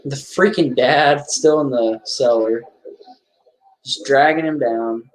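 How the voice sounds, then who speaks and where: A man's voice: medium pitch, takes it slowly. A man giving casual watch-along commentary on a horror film, chatting and reacting aloud to the scenes.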